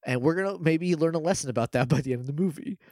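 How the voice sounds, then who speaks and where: Man, podcast co-host. Casual, jokey movie recap in a fairly high voice, dry close sound. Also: mellow, no room sound. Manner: rambling, jokey, acts out film lines in quick quoted voices.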